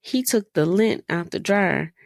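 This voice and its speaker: Exasperated mom venting on her podcast, gravelly voice, dry close mic. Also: on the low side, lively intonation, a little slow, no room sound. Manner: exasperated, storytelling, rhetorical questions. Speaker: podcast host. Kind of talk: casual monologue.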